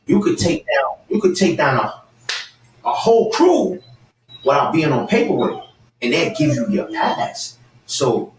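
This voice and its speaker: A man, around forty, rants with heat and a lively, swinging pitch, at times breaking into shouts. He sounds set back from the mic in a roomy, echoey space with faint hiss behind him. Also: far from the mic. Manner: animated, fired-up, repeats his target's name, bursts into shouting. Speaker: guest. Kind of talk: heated callout rant and storytelling.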